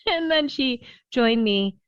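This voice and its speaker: A woman's voice: fairly high pitch, takes it slowly, smooth, dry recording. Chatty woman pediatrician, dull dry recording. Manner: lively storyteller, laughs often, many "you know" fillers. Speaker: behavioral pediatrician guest. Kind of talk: podcast interview storytelling.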